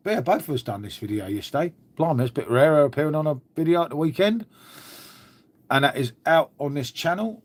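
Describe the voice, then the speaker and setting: A man's voice: mid-range voice, a little mellow. A man, hosting a live stream in a casual chat, chatty and matey, swearing freely and answering viewers. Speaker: beer channel host.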